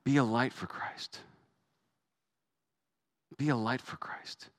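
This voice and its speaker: A man's voice: medium pitch, fairly even intonation, slow. A man, a pastor, preaching a sermon in a conversational way that rises to emphatic peaks.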